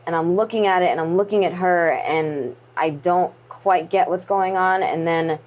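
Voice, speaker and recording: Woman, 20s, low-pitched, interview guest, earnest, restarts often, somber. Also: darkish tone. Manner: earnest, halting storytelling with restarts. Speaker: interview guest, pro wrestler. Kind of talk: candid sit-down interview.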